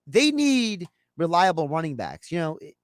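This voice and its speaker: A high-pitched male sports host talking in a loose, conversational way. He slips into little acted-out phone calls as he makes his points. The sound is close and dry, with almost no room around it. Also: normal speed, dry recording. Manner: animated, acts out imagined phone calls. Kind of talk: casual sports talk.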